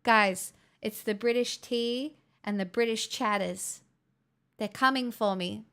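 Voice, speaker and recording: A woman's voice: on the high side, slow pace, sharp tone, smooth. Giggly rambling young woman streamer. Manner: giggly, rambling, self-mocking. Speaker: live streamer. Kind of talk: casual chat with stream viewers. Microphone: headset.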